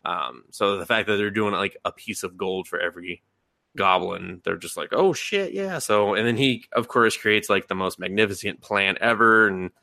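A man co-hosting a podcast, recapping a show in loose, profane chat and jumping into quick voices for the characters. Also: deep voice, steady tone, creaky, sharp tone, dry recording, clean studio sound. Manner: profane, rambling, acts out quotes in sudden voices. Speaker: podcast co-host. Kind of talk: casual anime recap chat.

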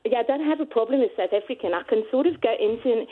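A woman's voice: fairly high pitch, animated, fast. A woman calling in to a radio show, chatting casually and stumbling over her words. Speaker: caller. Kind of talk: casual phone-in chat. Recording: tinny phone line.

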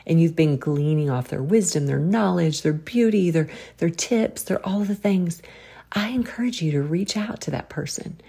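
Low gravelly Southern-drawled woman. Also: expressive, normal speed, dark tone. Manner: folksy, preachy, exhorting. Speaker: podcast host. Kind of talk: faith-based encouragement talk.

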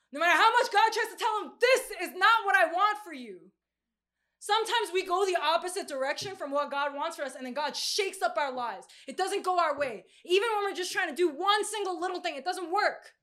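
High-voiced woman preaching casually. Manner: animated, laughing often, slangy. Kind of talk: casual sermon.

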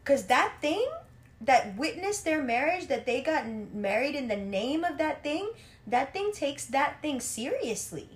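A woman's voice: high voice, a little slow. A woman chatting casually, telling stories with lots of laughter and cursing. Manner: animated storyteller, laughs a lot, swears freely. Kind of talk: casual chat.

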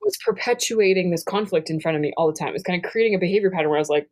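A woman's voice: fairly low pitch, racing, darkish tone. A woman in her thirties, co-hosting a podcast in casual chat, speaking candidly and with lots of energy, swearing freely. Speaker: podcast co-host.

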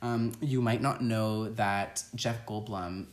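A woman hosting a podcast in casual, animated, quick chat. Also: extremely low pitch. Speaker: podcast host. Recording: echoey room.

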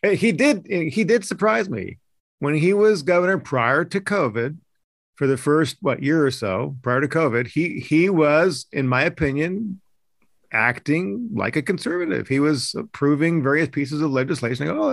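A man's voice: on the high side, normal speed, vocal fry, no room sound, studio quality. A man hosting a political talk podcast, talking emphatically and indignantly with frequent restarts. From Idaho. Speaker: podcast host, news editor.

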